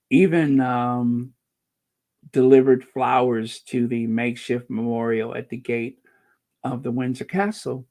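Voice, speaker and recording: A channel host giving casual commentary and reading out viewer comments, drawling and sarcastic with playful wordplay asides. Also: mid-range voice.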